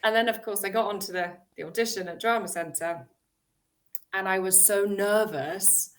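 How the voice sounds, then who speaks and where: Casual British actor guest, animated raconteur. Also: female voice, mid-range voice, moderate pace. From United Kingdom. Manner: animated, laughing storyteller who acts out her past self. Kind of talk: storytelling interview talk.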